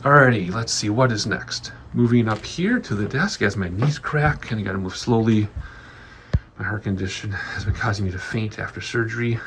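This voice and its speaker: A man's voice: lowish voice, normal speed. Rambling breathless man with faint room hiss. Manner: rambling, chatty, frequent ums. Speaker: YouTuber giving a studio tour. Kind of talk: casual walkthrough vlog. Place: home office studio.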